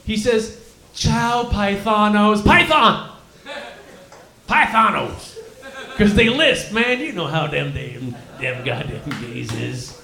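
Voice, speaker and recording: A man putting on a crude, permanently stoned Texan cobra who drawls and rambles through a live stand-up bit. The voice sits very high and sounds bright and sharp. It rings around a roomy club room. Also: sing-song, slow pace, gravelly, pauses often, full character voice. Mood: stoned rowdy. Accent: Texan, put on. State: claims to be high, cotton mouth. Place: comedy lounge stage, live.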